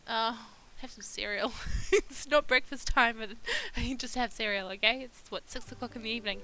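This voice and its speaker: A woman's voice: a little high, moderate pace, sharp tone, poor audio. A woman giving casual let's-play commentary, chatting to her game characters and laughing often. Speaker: gaming YouTuber.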